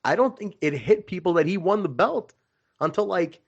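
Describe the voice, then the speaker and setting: A man co-hosting a casual podcast who tells stories with animated energy, swears freely and laughs often. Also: high voice, normal speed, creaky, husky, lo-fi sound. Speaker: podcast co-host. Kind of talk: casual chat.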